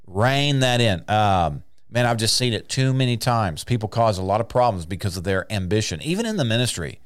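A man's voice: lowish voice, lively intonation, brisk, no room sound, studio quality. A man preaching an earnest sermon, urging listeners with repeated phrases and frequent restarts.

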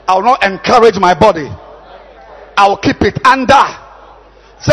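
A man, a bishop, preaching a sermon, shouting lines and leading the congregation in repeated call-and-response chants between quieter asides. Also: sits high, animated, moderate pace, long reverb tail, some chatter behind.

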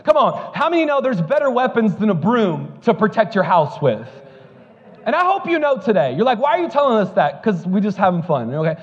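Pastor guy, high voice, jokey sermon that gets fired up, big echoey church. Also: sing-song, brisk, lo-fi sound. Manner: joking storytelling building to fervent preaching. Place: church service.

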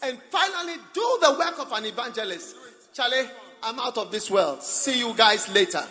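A man preaching a sermon, moving from low murmurs to shouted exhortation. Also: animated, moderate pace, big-room sound.

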